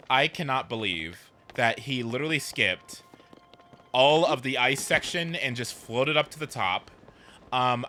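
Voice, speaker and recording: A man chatting casually while streaming a game, rambling and animated, with swearing and sudden whoops. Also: mid-range voice. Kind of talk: casual gameplay chat.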